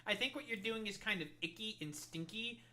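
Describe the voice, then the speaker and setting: A man mimicking a high whiny prissy scold. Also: brisk, sharp tone. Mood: mocking whine. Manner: mocking, simpering, stammering. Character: whiny prissy scold fussing over protest manners.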